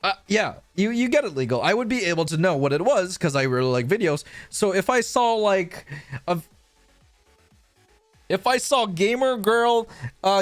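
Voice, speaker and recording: A young man talks on a live stream in a lively, swooping voice that sits a touch high for a man. He rambles, swears freely and pokes fun at himself, with a dry close-mic sound and soft music under him. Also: no room sound. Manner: rambling, profane, self-mocking, loses his train of thought.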